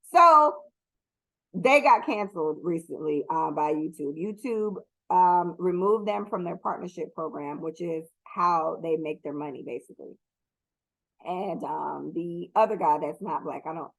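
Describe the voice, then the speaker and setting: A woman's voice: on the low side, moderate pace, gravelly, poor audio. Blunt, profane woman podcast host. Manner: blunt, profane, rambling with many ums. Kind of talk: casual solo commentary.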